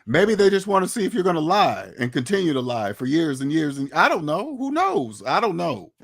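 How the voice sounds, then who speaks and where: A man's voice: on the high side, very animated, fairly quick. A man giving casual, blunt commentary on money and taxes, lecturing his viewers with many rhetorical questions. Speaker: finance commentator. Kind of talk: casual opinionated talk to camera.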